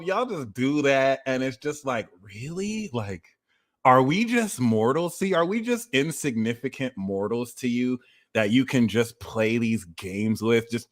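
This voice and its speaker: A man hosting an astrology reading livestream, talking in an animated, profane rant and sometimes shouting. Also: medium pitch. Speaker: astrology reader.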